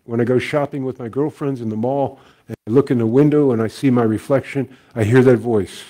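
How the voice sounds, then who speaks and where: A man's voice: medium pitch, fairly even intonation, fairly quick, mellow, lightly acted. An older man quoting his teenage granddaughter, earnest and pleading, in a voice only slightly raised. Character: teenage girl, worried and unsure of herself.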